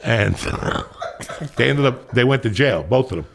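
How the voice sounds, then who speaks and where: A man's voice: medium pitch, slow pace, vocal fry, slight background noise. A middle-aged man, a stand-up comedian, telling profane road stories on a podcast and acting out the people in them. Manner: profane, animated storyteller acting out voices. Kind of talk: podcast storytelling.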